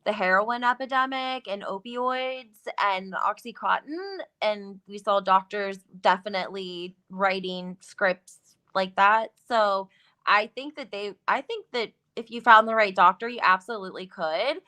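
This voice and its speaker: A woman's voice: medium pitch, measured pace, pushed and bright. A woman guest on a gossip live stream, chatting agreeably with lots of "like" and "um" fillers. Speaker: guest commentator. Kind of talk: casual gossip chat.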